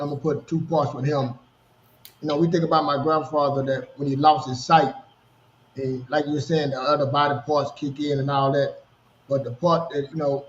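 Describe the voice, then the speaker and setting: A man in his thirties telling personal stories in a casual podcast conversation, animated and full of restarts. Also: fairly high pitch, a little hiss or hum. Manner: storytelling, animated, repeats words and restarts. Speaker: podcast co-host. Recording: roomy, dull lo-fi sound.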